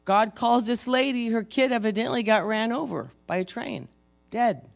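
Speaking at medium pitch and a moderate pace, a preacher with a creaky voice recounts a story during his sermon. He keeps things conversational, putting questions to his listeners.

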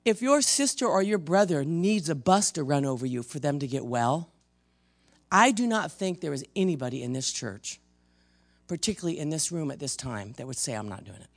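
A pastor preaching a sermon in church to the congregation, emphatic, swinging from loud rebukes to hushed intensity. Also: mid-range voice, sing-song, normal speed. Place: church service before a congregation.

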